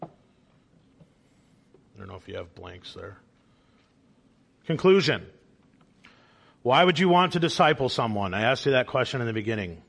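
A man's voice: mid-range voice, expressive, normal speed, vocal fry, pauses often, a bit bright, breathy edge. A man, father of a young child, teaching a church Bible study class in an earnest manner and posing questions to the group. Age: adult father of a young child.

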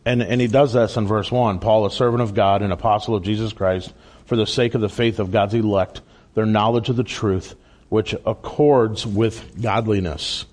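A man's voice: on the low side, steady tone, moderate pace, a little mellow. A man delivering a sermon as a pastor in a church, earnest and emphatic, with asides and bits of self-deprecating humor.

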